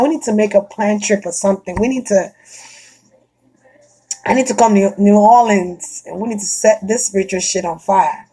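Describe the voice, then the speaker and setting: A woman chatting casually and bluntly, swearing freely, laughing often and getting animated. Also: medium pitch, moderate pace, husky. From Florida. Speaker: vlogger chatting to a friend. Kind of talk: casual chat.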